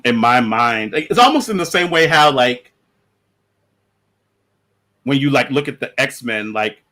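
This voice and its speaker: A man talks through his opinions on a casual podcast panel, voice sitting at an ordinary middle pitch. He rambles, piles up fillers and restarts his sentences as he thinks aloud. He is on an online call. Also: a bit bright.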